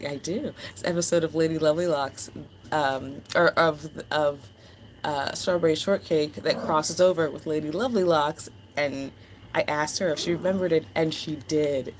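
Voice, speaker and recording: A woman's voice: low voice, steady tone, moderate pace, slight background noise, low-quality recording. A woman hosting a livestream, chatting casually and affectionately with viewers, full of fillers. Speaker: livestream host. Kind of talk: casual chat with live chat.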